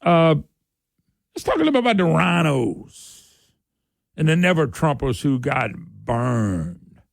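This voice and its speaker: A middle-aged talk radio host with a raised, gravelly voice tears through a heated political monologue. He hammers his points again and again and gets louder and higher as he heats up. The sound is close and dry in a studio. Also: no room sound. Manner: fiery and emphatic, repeats points, rises sharply when worked up.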